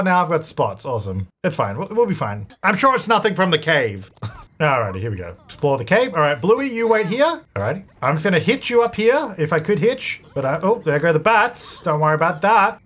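A man's voice: a little high, fairly bright tone. A man hosting a casual let's-play, chatting with his game characters and often chuckling. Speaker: gaming video host.

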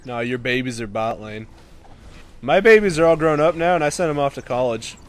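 A man chatting casually over his own online match, joking, laughing often and shouting at big plays. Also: mid-range voice, lively intonation, brisk, a little hiss or hum. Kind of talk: casual gaming chat.

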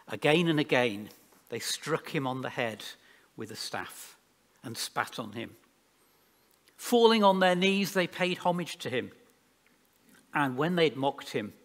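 A man preaching a sermon in a church, reading scripture aloud in a measured way with pauses. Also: mid-range voice, a bit bright. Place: church hall. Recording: long church hall reverb.

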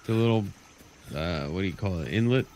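A man's voice: low voice, lively intonation, a little fast, darkish tone. A man streaming a game, chatting casually with a teammate and laughing easily. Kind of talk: casual gaming chat.

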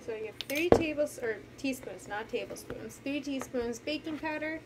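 A woman teaching young children at home, walking them through a movement game and a science activity in a gentle, encouraging way that sometimes loses its place. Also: high voice, normal speed, heavy background noise. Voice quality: gentle, encouraging, occasionally losing her place. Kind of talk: children's lesson, talking to camera. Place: home with a carpet.

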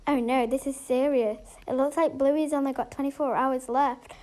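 A woman voicing a calm doctor in a game role-play story, talking in a matter-of-fact, gently advising way. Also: high-pitched, normal speed, close to an everyday voice. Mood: concerned. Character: calm doctor breaking bad news.

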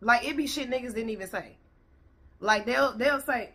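A woman's voice: on the high side, moderate pace, pushed and bright. A woman host ranting bluntly and profanely as she reacts to a video.

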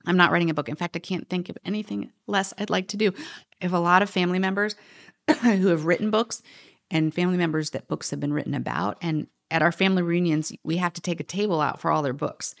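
A middle-aged woman telling a personal story as a podcast guest, animated, quoting others and sometimes dropping to a whisper. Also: fairly low pitch, fast, gravelly. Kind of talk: storytelling in conversation.

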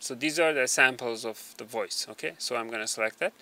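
Hesitant male tutorial narrator, bright voice. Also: medium pitch, fairly quick, no room sound. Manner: hesitant, full of fillers. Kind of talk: screen tutorial voice-over. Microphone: small desk microphone.

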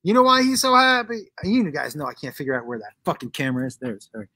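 A middle-aged man hosting a casual live show while high, talking in a loose, giggly, rambling way. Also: fast talker, pushed and bright, no room sound. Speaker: host.

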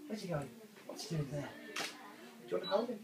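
A woman's voice: lowish voice, expressive, fairly quick, a crowd in the background. A woman coaxing a small child through a photo shoot in playful, sing-song baby talk. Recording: echoey room, mic far off.

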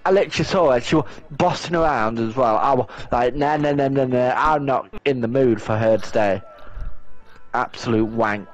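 A man's voice: mid-range voice, moderate pace, muffled recording, soft background music. A young man, chatting casually and swearing bluntly while he plays a video game. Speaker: gaming vlogger.

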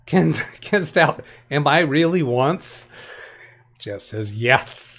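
On a live tech help stream, a man with a mid-range, fairly bright voice rambles through viewer comments he reads aloud. He frequently corrects himself and restarts, offering straightforward practical advice.

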